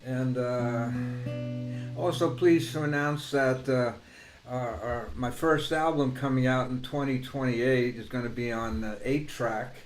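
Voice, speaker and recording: A man, a songwriter and performer, chatting casually before his song in his morning voice, relaxed and rambling with many fillers. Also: medium pitch, a little slow. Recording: echoey room with loud guitar.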